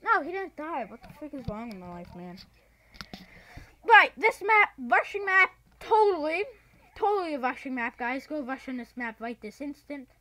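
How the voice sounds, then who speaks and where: A woman hosting a gaming channel, giving excitable gameplay commentary that breaks into yells and shrieks and is full of "dude". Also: high voice, moderate pace, a little hiss or hum.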